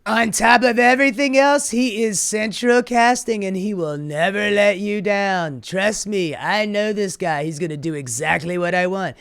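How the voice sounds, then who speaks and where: A woman mimics a boastful older politician who brags with loud emphasis. The voice pushes up in pitch and volume on every boast. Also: normal speed, hardly any pauses, clean tone, lightly acted. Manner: bragging and emphatic.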